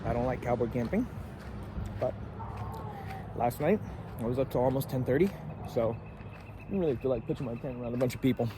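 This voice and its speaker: A man's voice: mid-range voice, a little fast, pauses often, background noise. A man vlogging casually outdoors at a forest campsite, talking to a handheld camera in a laid-back, slangy way with easy laughs. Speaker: thru-hiker vlogger. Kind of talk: casual trail vlog.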